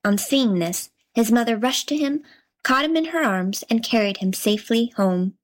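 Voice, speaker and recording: A woman narrating a fairy tale in a measured, gently expressive storybook reading. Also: on the high side, poor audio.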